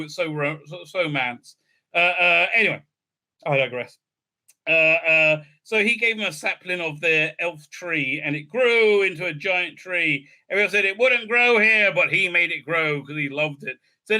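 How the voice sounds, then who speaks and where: A man's voice: fairly high pitch, unhurried, pushed and bright. A man ranting sarcastically through a show recap, profane and rambling, with lots of fillers. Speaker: online video reviewer. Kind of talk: casual recap and review rant.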